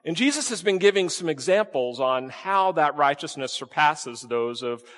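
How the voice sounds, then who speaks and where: A man's voice: on the high side, animated, moderate pace, a bit bright, big-room sound. A man preaching a sermon to his congregation, quizzing them with frequent questions and playful asides. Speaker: pastor. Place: church sanctuary with congregation.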